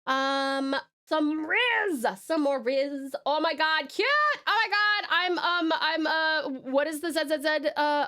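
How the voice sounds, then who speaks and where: A woman's voice: sits high, unhurried, sharp tone. A woman streamer from Tasmania, chatting bubbly and giggly with her viewers while drawing. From Tasmania, Australia. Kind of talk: casual livestream chat while drawing.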